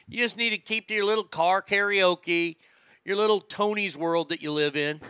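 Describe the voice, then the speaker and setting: A man hosting a comedy show, ranting loudly and profanely and mocking celebrities. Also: sits high, normal speed, smooth. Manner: loud, profane, mocking, laughs at own jokes. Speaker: comedy podcast host. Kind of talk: crude comedic rant.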